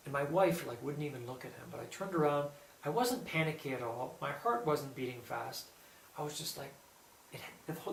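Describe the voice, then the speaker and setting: Man, casual storyteller, gravelly, animated, roomy echo, distant mic, faint background hum. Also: fairly high pitch. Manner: animated storytelling, quoting others in lively bursts. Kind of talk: casual spoken anecdote.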